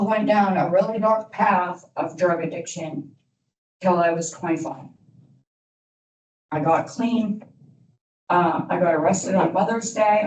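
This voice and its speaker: A woman in her thirties with a lowish, darkish voice gives a candid, rambling motivational talk to young people as an alumni speaker, sprinkling in plenty of "you know" asides. She's recorded from far off in an echoey room with faint noise.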